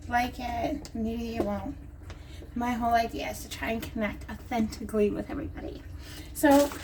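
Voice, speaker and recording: Recorded from a distance with clear background noise, a woman talks casually to camera at home, rambling and joking as she sells nail strips. Her pitch is fairly high and her tone darkish.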